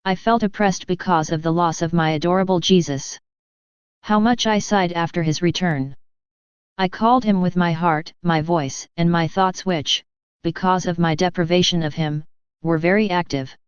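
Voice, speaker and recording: A devotional reader narrates a mystic's diary in a slow, earnest, measured way. The voice is very smooth, recorded close and dry. The recording sounds dull and lo-fi. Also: medium pitch, no echo. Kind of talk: devotional reading.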